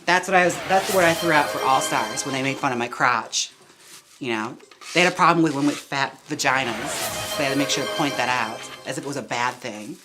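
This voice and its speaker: A man streaming live as a drag performer and wig stylist, trying on wigs and chatting in a campy way with quick laughing asides. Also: mid-range voice, over music. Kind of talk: casual live-stream chat.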